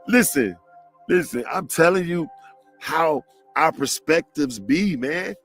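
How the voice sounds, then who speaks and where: A man from Detroit preaches motivation through a story, loose and slangy, laughing as he goes. His voice sits a touch high for a man. Soft music plays under him. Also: lively intonation, slow pace, long pauses. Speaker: motivational speaker.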